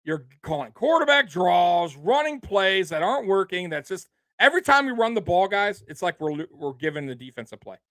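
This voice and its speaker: A fairly high-voiced man rants at his live chat, swearing often and repeating himself as he works up his anger. His voice is close and dry, with no room sound around it. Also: big pitch swings, brisk, few pauses, sharp tone, dry recording. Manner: profane, fired-up, repetitive. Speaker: sports livestream host. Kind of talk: angry fan rant on a livestream.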